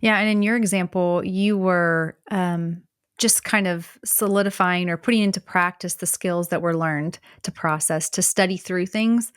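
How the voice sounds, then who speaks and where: A woman co-hosting a podcast, explaining ideas in a thoughtful way, with pauses and fillers. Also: fairly low pitch, smooth, no echo, studio quality. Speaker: podcast co-host. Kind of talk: conversational podcast discussion.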